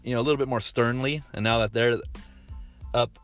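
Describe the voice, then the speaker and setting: A man's voice: mid-range voice, steady tone, fairly quick, fairly bright tone, faint music behind. A man in his thirties hosting a casual monologue, rambling with lots of fillers and restarts, blunt and swearing freely. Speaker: podcast host.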